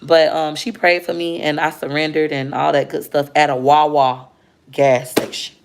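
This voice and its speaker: A woman's voice: low-pitched, flat delivery, normal speed, vocal fry, slight background noise. A woman in her thirties chatting earnestly with her viewers in a casual livestream and reading out their comments. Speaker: livestream host talking to viewers. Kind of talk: casual heartfelt chat to viewers.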